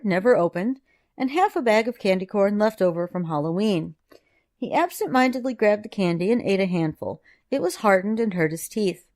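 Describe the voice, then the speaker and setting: A woman narrating a novel chapter in a steady, even storytelling delivery. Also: medium pitch, dry recording, clean studio sound. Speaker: audiobook narrator. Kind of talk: audiobook reading.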